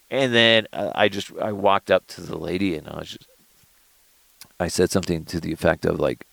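Gravelly, profane podcast host in a car. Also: male voice, deep voice, normal speed, dry recording. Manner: profane, animated storytelling, frequent laughs. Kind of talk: casual solo podcast monologue. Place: inside a parked car.

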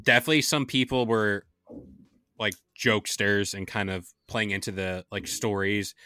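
A man's voice: lowish voice, fairly even intonation, moderate pace, bright, forceful tone, clear, resonant tone, no echo, clean studio sound. A man co-hosting a podcast in casual chat, making his points thoughtfully. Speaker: podcast co-host.

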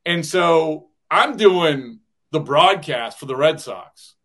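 A radio broadcaster chats casually as a podcast guest, rambling through stories with many restarts and lots of chuckling. He speaks slowly in a slightly high, expressive voice that sounds pushed and bright.

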